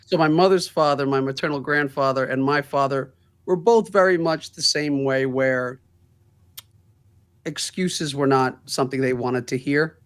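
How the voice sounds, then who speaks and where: A man's voice: medium pitch, normal speed, smooth. A man, a law firm's managing partner, telling stories in a casual interview, laughing through the funny parts.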